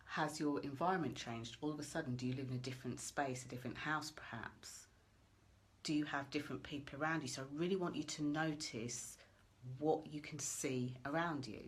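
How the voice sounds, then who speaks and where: A woman coaching listeners through a goal-setting visualization in a gentle, coaxing way, asking many questions. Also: low voice, brisk. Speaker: motivational coach. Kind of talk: guided visualization talk.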